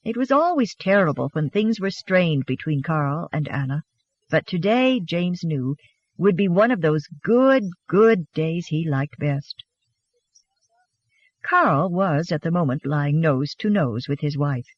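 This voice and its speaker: An audiobook narrator reading a romance novel in an expressive, gently animated storytelling manner. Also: medium pitch, measured pace, dry recording, lo-fi sound.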